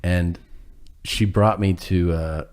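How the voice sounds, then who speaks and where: A man's voice: low voice, fairly even intonation, slow pace, a little mellow. A man telling a rambling, self-deprecating story in casual chat, acting out what people said and laughing as he goes.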